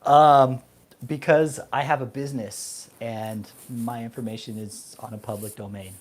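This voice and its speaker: A man with a fairly low-pitched voice hosts his own channel, delivering a casual, rambling rant full of swearing and frequent laughter. The recording carries a little hiss or hum.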